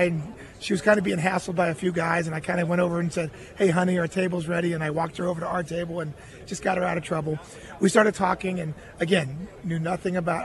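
High-voiced man telling an earnest story. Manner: earnest storytelling, quoting others in his own voice. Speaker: guest, former baseball catcher. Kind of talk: telling a personal story in a radio interview.

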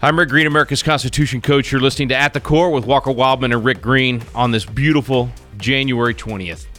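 Upbeat bright-voiced male radio host. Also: mid-range voice, steady tone, fast, faint music behind. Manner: jokey, upbeat, frequent restarts. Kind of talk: talk radio banter. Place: home radio studio.

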